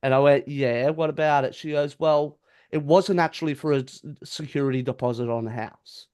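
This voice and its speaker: A man's voice: on the high side, moderate pace, darkish tone, clean tone. A man, a podcast co-host telling a story in casual chat, acting out the quotes and swearing freely.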